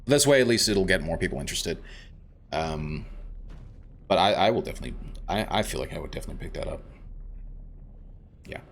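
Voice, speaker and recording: Low-voiced guy streaming a game, chatty and rambly, talks to chat a lot. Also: lively intonation, a little fast, gravelly, pauses often, a little hiss or hum. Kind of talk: casual let's-play chat.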